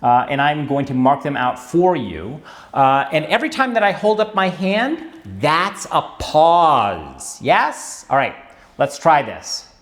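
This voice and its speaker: Male dance instructor, lively intonation, joking asides, checks in with the viewer often. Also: a little high, measured pace. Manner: chatty, wry asides, checks in with "yes?" and "all right". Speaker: tango teacher. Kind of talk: instructional video lesson.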